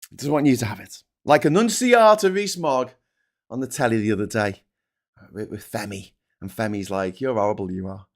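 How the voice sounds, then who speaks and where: A man's voice: medium pitch, animated, moderate pace. A man ranting in political commentary, sardonic and profane.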